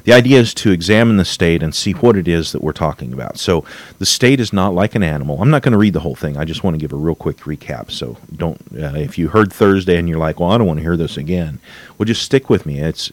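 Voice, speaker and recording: A man's voice: low voice, no echo. A man hosting a solo podcast from his home office, rambling and restarting, getting wound up as he rants. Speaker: podcast host.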